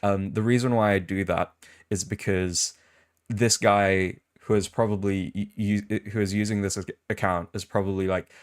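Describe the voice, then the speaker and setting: A man's voice: lowish voice, fairly even intonation, normal speed. A male streamer hosting a casual live chat, rambling and reacting with amused disbelief as he reads comments aloud. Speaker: VTuber streamer and podcast host.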